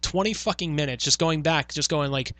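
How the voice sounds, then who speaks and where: Fast-talking, swearing New man. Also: a little high, sharp tone, no room sound. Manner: profane storytelling, acts out quoted exchanges. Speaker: podcast host, former radio worker. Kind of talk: casual chat.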